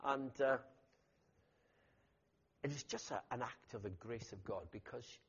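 A man preaching a sermon as pastor, telling stories in an animated way with loud emphatic bursts. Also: medium pitch, measured pace, husky. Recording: dull lo-fi recording.

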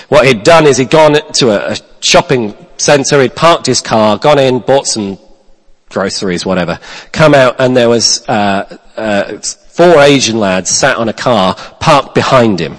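Male pastor, storytelling sermon: animated, loud-to-hushed swings, restarts; big reverberant church hall. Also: mid-range voice, normal speed. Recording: long reverb of a large hall.

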